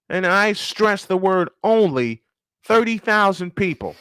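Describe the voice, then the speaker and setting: A man's voice: high voice, expressive, unhurried, a bit bright, smooth, no room sound, clean studio sound. A man hosting a casual live-stream sports show, ranting and firing off rhetorical questions, repeating his points for emphasis.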